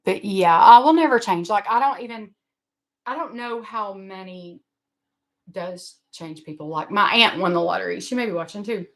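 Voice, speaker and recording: A middle-aged woman with a drawl rambles through a casual livestream chat. She is open, emotional and quick to poke fun at herself. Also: medium pitch, a bit bright. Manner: rambling, emotional, self-deprecating. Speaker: livestream host. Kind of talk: casual live-stream chat.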